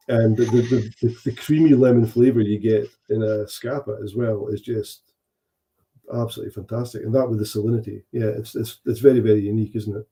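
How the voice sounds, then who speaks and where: A man, a whisky adviser, chatting casually as a guest with many pauses and restarts. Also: lowish voice, mellow, rough recording. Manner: hesitant, many ums and restarts. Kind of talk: casual chat.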